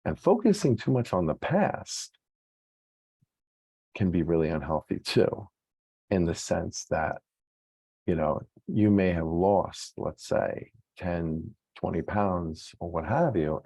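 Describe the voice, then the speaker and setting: A man's voice: low-pitched, big pitch swings, takes it slowly, mellow, breathy edge, no echo. A male psychologist giving an earnest, encouraging self-help talk on weight loss, often checking in with the listener.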